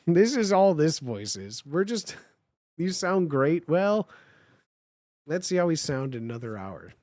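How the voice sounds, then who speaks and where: Hoarse, slow-talking stream host. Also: mid-range voice, sing-song, no echo, clean studio sound. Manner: playful, slangy, swings between loud bursts and mumbles. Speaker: livestream host. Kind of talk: comedic live reading of fan fiction.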